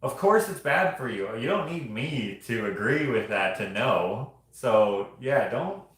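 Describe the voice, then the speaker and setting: A man's voice: medium pitch, animated, unhurried, fairly bright tone. Rambling, jokey man in an echoey room. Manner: rambling, jokey, laughs often. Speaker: artist streaming show-and-tell. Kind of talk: casual livestream chat.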